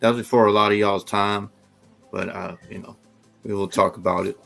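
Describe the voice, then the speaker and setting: Bright-voiced man teasing on a panel. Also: on the low side, flat delivery, a little fast, vocal fry, soft background music. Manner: teasing, playful banter. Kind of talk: casual panel chat.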